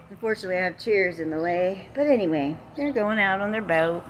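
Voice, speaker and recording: A woman's voice: lowish voice, fast talker, hardly any pauses, slight background noise. A woman with a Southern US accent chatting casually on a livestream, joking, folksy and a bit salty. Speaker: vlogger. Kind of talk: casual rambling livestream chat. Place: outdoors by a lake.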